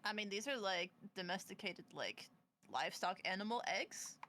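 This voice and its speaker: Woman, tabletop player, dry, aloof, lively pitch, clear tone. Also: moderate pace, a little hiss or hum. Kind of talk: casual tabletop role-play.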